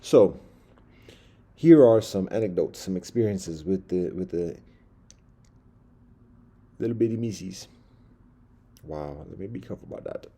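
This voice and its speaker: A man with a low, gravelly, husky voice rambles through a story in a dim candlelit room. His delivery is wordy and dark-toned, full of fillers and false starts. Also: animated, a little slow, long pauses. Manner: wordy, many fillers and restarts.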